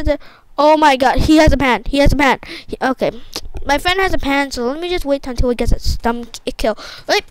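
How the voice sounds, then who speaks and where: A young woman commentating her own gameplay, excitable and repetitive, often exclaiming. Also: sits high, no room sound, low-quality recording. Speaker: gaming YouTuber.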